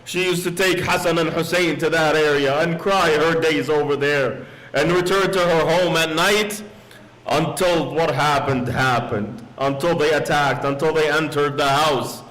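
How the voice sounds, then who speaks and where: A man's voice: on the high side, steady tone, a little slow, a bit bright, low-quality recording. A man preaching as a sheikh in a mosque, telling a solemn story and slipping into quoted Arabic phrases. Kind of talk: sermon.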